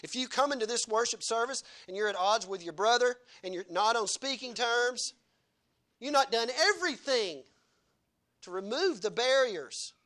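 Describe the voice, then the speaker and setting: A man delivers a sermon with a high, bright voice. He hammers his points home and keeps asking the congregation questions. He sounds like a pastor preaching from the pulpit in church. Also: expressive, moderate pace. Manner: emphatic, asks the congregation repeated rhetorical questions.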